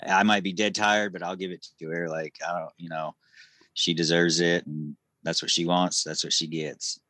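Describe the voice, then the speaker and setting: Man, low voice, earnest, laughs easily, dry close mic. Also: normal speed, no room sound. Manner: earnest, laughs often, relaxed. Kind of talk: casual chat.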